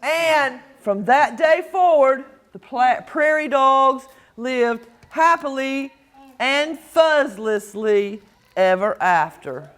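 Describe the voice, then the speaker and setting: A woman reads a picture book aloud at a library story time. Her high voice swings widely, and she takes her time over each line. She plays with every phrase and gets the children to call back. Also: slow pace. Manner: expressive and playful, leading call-and-response.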